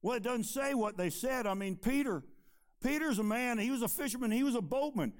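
A preacher man who delivers a sermon, swinging between loud emphatic stretches and quiet, low asides. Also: expressive, brisk.

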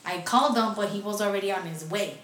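At a quick pace, a young woman with a mid-range, slightly bright voice tells her friends a personal story. She's profane and switches between English and Spanish. The distant recording has room echo and faint noise.

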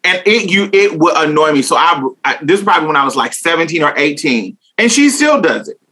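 Blunt, bright-voiced young woman. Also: sits low, big pitch swings, fairly quick, husky. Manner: blunt, profane, emphatic, laughs often. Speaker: interviewee. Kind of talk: candid casual conversation.

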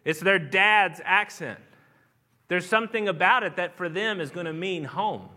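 A man with a regional Southern American accent preaches a church sermon in an earnest, conversational manner. His voice sits high and sounds bright and forward. He restarts phrases and then swells into emphatic lines. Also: moderate pace. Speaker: pastor. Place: church sanctuary.

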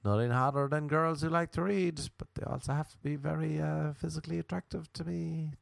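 A man's voice: a little high, steady tone, a little fast, creaky, dry recording, studio quality. A young Irish man hosting a comic podcast, rambling through self-mocking stories and plugs with jokey asides. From Ireland. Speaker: podcast host and comedian.

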